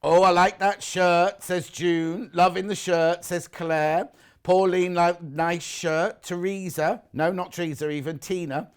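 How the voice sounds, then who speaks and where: A man's voice: high-pitched, steady tone, unhurried, clean tone. A British man presenting a live shopping show in a windowless studio, chatting and reading out viewer messages.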